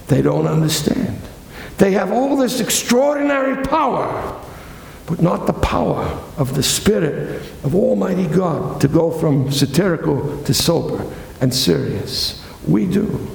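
A man's voice: sits high, big pitch swings, unhurried, vocal fry, a little hiss or hum. A male pastor preaching a sermon, chatty and digressive, with asides and restarts, recorded in a church sanctuary. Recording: echoey hall with long reverb.

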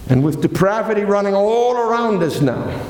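A man's voice: sits high, big pitch swings, moderate pace, a little mellow, a little hiss or hum. A male pastor preaching a sermon, chatty and digressive, with asides and restarts, recorded in a church sanctuary. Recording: echoey hall with long reverb.

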